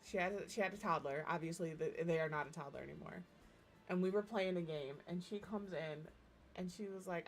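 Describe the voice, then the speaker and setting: A woman streaming as she builds in a game, talking in a relaxed, chatty way and giggling through her stories. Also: on the low side, a little fast, a little hiss or hum. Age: adult parent. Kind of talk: casual chat while building in a game.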